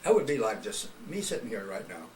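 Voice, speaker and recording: A man's voice: fairly low pitch, sing-song, quick pace, a crowd in the background. An older man, a retired radio personality, telling folksy stories in an oral history interview. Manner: folksy storyteller, chuckles often. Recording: roomy, distant mic with background noise.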